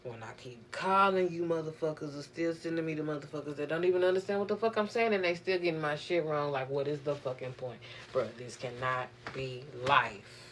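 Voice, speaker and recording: A woman's voice: low-pitched, a little fast. Profane, exasperated young woman venting. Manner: profane, animated, exasperated storytelling. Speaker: vlogger. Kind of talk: casual venting monologue.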